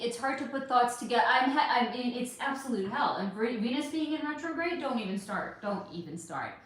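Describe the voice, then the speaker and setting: A woman's voice: high voice, fairly bright tone. A woman hosting a psychic livestream, chatting candidly with viewers and swearing freely as she answers their comments. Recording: very echoey room.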